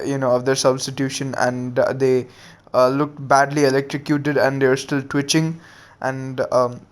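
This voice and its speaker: A young man retells a fan-made story in a relaxed, unhurried way, stopping often for fillers. His voice is smooth and clear, with very little rise and fall in pitch. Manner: many fillers, flat unhurried telling.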